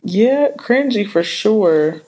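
A woman's voice: medium pitch, expressive, takes it slowly, mellow. A woman co-hosting a podcast in a casual, laid-back chat, drawing out her thoughts and chuckling now and then. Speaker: podcast co-host.

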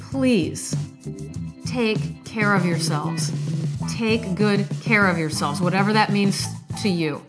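A woman hosting a late-night podcast, reading a poem slowly and emphatically, then chatting emotionally with listeners. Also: medium pitch. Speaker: podcast host reading poetry. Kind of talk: poetry reading and casual chat.

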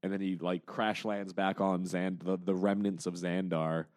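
Animated, low-voiced man recapping a comic. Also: moderate pace, dry recording, studio quality. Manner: animated storyteller who acts out characters. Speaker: podcast co-host. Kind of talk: casual comic book recap chat.

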